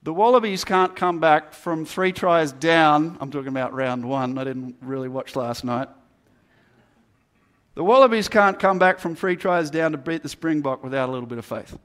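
A man's voice: a little high, expressive, normal speed, fairly bright tone. A man preaching a sermon, earnest and building emphasis through repeated phrases. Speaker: pastor.

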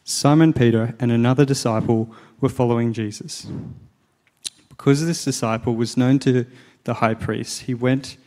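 A man reading a Bible passage aloud in church, in a gravelly, low-key way. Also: steady tone, normal speed, a little mellow. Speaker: scripture reader.

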